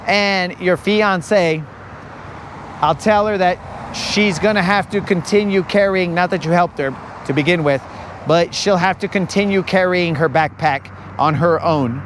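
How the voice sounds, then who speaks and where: A man's voice: high voice, a little hiss or hum. A young man hosting a live fishing stream outdoors on a lake, rambling and telling jokey stories. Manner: rambling, joking storyteller. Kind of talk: casual live-stream chat.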